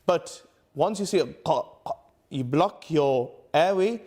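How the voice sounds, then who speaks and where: A man teaching Quran recitation to camera, patiently repeating letter sounds slowly for the viewer. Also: fairly high pitch, animated, darkish tone. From United Kingdom. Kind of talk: tajweed lesson to camera.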